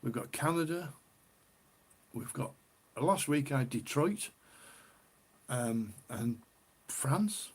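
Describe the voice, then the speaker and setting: A man's voice: medium pitch, expressive, slow, slightly rough. A middle-aged man from the UK hosting a casual beer live stream, chatty and rambling, often repeating himself. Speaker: beer livestream host.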